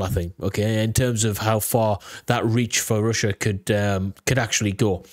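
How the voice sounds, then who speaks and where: A man's voice: on the low side, steady tone, moderate pace, dry recording, clean studio sound. A British man casually reacting to a video, talking in a rambling way with lots of restarts and fillers. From United Kingdom.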